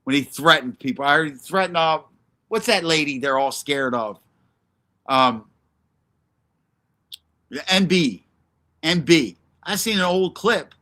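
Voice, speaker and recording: A man's voice: fairly high pitch, expressive, unhurried, pauses often, pushed and bright. A man hosting a livestream, ranting in a brash, profane, confrontational way and answering chat by name. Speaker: livestream host.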